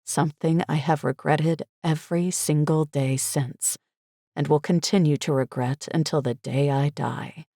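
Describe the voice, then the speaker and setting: Low-voiced woman narrating a thriller. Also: steady tone, measured pace, warm tone, no room sound, clean studio sound. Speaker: audiobook narrator. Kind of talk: first-person thriller narration.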